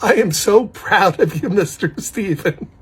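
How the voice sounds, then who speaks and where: A man's voice: high voice, unhurried, husky, exaggerated voice. A man putting on the voice of a polite, earnest young man who repeats his polite requests in a pleading, sing-song way.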